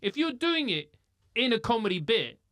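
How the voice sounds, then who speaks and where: A man talking as a guest on a podcast, animated and laughing, swearing casually. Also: very high-pitched, moderate pace, dry recording, studio quality. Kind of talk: casual chat.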